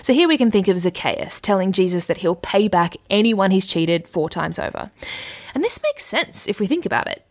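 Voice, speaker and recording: A woman hosting a casual explainer lesson on moral teaching, chatty and lively, laughing often as she talks. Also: mid-range voice, normal speed. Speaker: religious teacher, host.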